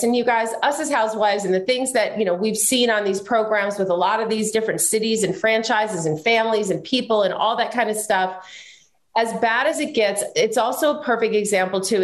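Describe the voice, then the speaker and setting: A woman hosting a podcast interview, speaking in an encouraging, affirming way. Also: a little high. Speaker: podcast host. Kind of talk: supportive interview chat.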